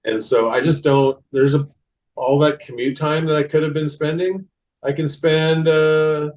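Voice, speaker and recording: A man's voice: on the high side, steady tone, measured pace, darkish tone, low-quality recording. A man in his fifties, a tattoo shop owner, talking in a laid-back way on a podcast, often trailing off. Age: 50s. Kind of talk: casual podcast chat.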